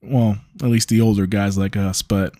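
A man's voice: lowish voice, level tone, normal speed, mellow. A man in his mid-thirties hosting a solo podcast, telling stories in a rambling, joking way with frequent restarts and cursing. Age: 30s. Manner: rambling, laughing storyteller with restarts and profanity. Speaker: podcast host. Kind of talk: casual solo monologue.

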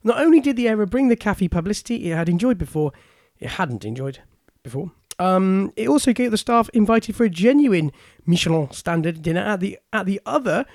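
A man's voice: high-pitched, sing-song, brisk, few pauses, a little mellow, no echo, clean studio sound. A man co-hosting a podcast, reading out news stories with chuckling asides. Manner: reads items out, chuckling asides. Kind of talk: casual chat, reading news aloud.

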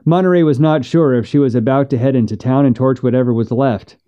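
A man narrating a western story in a measured, steady way. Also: medium pitch, highs cut off.

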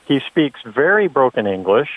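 A man's voice: mid-range voice, big pitch swings, normal speed, no room sound. Earnest man calling in on a phone line. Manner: earnest, storytelling with many fillers. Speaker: caller. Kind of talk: phone-in story.

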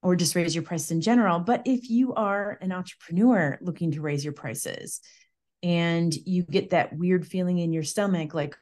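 Upbeat lady hosting a podcast, kinda low voice, chatty. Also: normal speed, a little mellow. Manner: upbeat, chatty, reads guest bio aloud. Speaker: podcast host. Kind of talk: casual interview chat.

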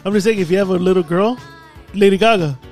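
Man, podcast host, casual banter, crude, laughing, high voice, faint music behind. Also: fast, darkish tone.

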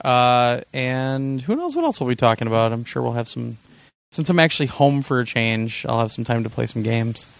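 A man hosting a gaming podcast in a relaxed, chatty way. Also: medium pitch, normal speed, creaky, dry recording. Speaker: podcast host. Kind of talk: casual podcast sign-off. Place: home.

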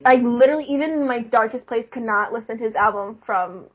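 Young woman, high voice, husky, chatty, laughs a lot, lo-fi recording. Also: fast. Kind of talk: casual chat. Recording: dull lo-fi recording.

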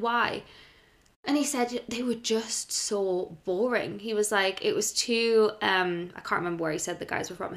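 Woman in her thirties, higher-pitched, chatty solo podcaster, rambles with lots of "like"s. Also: fairly bright tone. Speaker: podcast host, brand strategist. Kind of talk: casual solo podcast talk.

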